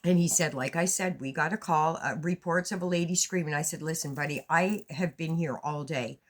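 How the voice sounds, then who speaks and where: A woman vlogger telling a story to her viewers in a casual, animated way, swearing as she goes. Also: fairly quick. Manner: animated, swearing, rises high when retelling her own lines.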